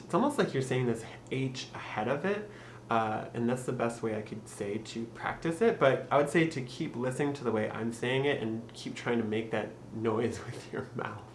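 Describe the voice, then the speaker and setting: A young man with a Michigan accent hosting a casual accent tutorial, upbeat and laughing often, slowing down to spell out practice phrases. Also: mid-range voice. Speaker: YouTube host teaching accents. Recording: echoey room with faint noise.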